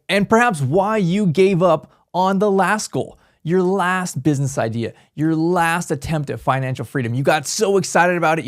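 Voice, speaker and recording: Energetic man with a higher voice. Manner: energetic, animated, acts out quoted voices. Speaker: business podcast host. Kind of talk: motivational business talk.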